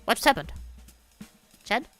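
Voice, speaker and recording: A young woman streaming a game, loud and excitable, swearing and mocking the characters she meets. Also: measured pace, dry recording, faint music behind.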